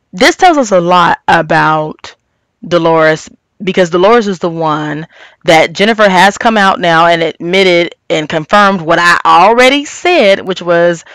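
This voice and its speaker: A woman's voice: lowish voice, fairly bright tone, clear, resonant tone, no room sound. A woman recapping and reviewing a reality TV show, chatty and opinionated, talking straight to her viewers. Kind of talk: casual recap and commentary.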